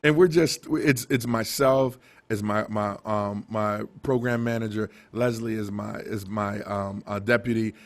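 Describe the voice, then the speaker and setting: A middle-aged man, a TV station director, telling stories in a casual interview, animated and laughing, with many restarts. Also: fairly low pitch, measured pace, hardly any pauses.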